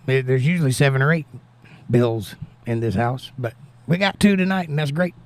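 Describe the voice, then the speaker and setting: A man's voice: medium pitch, normal speed. A man hosting a casual livestream, reading viewer comments aloud and replying with a prayerful touch. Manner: prayerful, thanks God. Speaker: livestream host reading chat. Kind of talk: casual chat.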